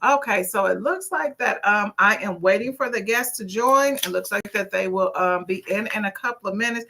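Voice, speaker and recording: A woman's voice: mid-range voice, moderate pace, creaky. A woman, hosting a casual livestream talk show and reading viewer comments in an outspoken, preachy way. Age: 50s. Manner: outspoken, lively, preachy, swears.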